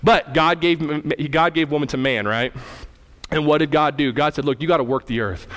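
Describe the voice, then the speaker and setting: Conversational preacher, man, higher voice. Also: moderate pace, fairly bright tone. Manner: conversational preaching with rhetorical questions to the congregation; acts out dialogue in a storytelling voice. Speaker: pastor. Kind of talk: sermon.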